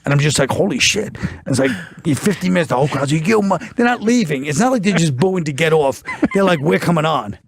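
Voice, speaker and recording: A man's voice: fairly high pitch, fast talker, hardly any pauses, slight background noise. A middle-aged man, a guest comedian telling stories in casual talk and acting out the voices of people in them, close on a studio mic. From New York. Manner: animated, acts out other voices in stories. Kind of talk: casual storytelling on a talk show.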